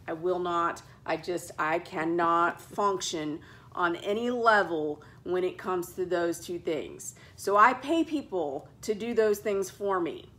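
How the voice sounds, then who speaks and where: A woman hosting a casual chat show, talking in an animated, dramatic way and acting out scenes in high squeals. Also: slight background noise. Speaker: podcast host.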